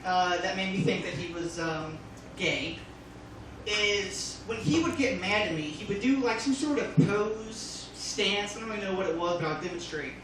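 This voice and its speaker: A man performing a casual stand-up comedy set, talking loosely with many fillers and sudden loud jumps, recorded from far off on a phone in a comedy club. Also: sits high, normal speed, very echoey, slight background noise. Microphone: phone filming from the audience.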